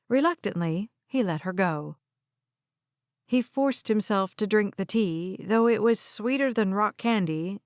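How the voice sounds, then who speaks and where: Woman reading an audiobook, even pace, mid pitch, super dry sound. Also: no room sound. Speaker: audiobook narrator. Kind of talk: scripted audiobook narration.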